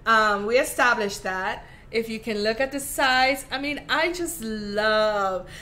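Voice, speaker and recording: A woman's voice: on the high side, slow pace, sharp tone. A woman with a Caribbean accent hosting a live craft tutorial, chatty and affectionate with her viewers. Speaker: craft host.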